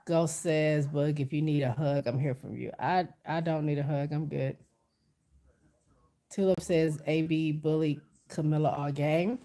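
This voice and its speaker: A livestreamer with a cold sounds stuffy, speaking in a mellow, medium-pitched voice at a measured pace with fairly even intonation. Talking straight to viewers, they chat casually and read comments aloud, often restarting and correcting themselves.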